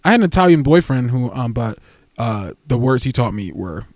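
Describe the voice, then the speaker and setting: Sassy, lively-voiced man chatting on a livestream. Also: mid-range voice, a little fast, no room sound, clean studio sound. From United States. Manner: chatty, sassy, gushing, jumps between topics. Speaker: livestream host. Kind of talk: casual livestream commentary.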